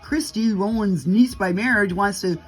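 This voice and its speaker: A woman's voice: medium pitch, moderate pace, husky, faint music behind. A middle-aged woman vlogging in a heated, casual storytelling rant, acting out what people said to her. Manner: heated, storytelling, acts out quotes.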